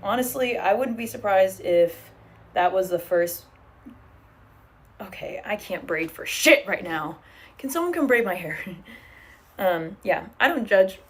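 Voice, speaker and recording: A young woman streams casually from her living room, braiding her hair as she reads viewer comments aloud and swears freely. Her medium-pitched voice has lively intonation, and she speaks unhurriedly with frequent pauses.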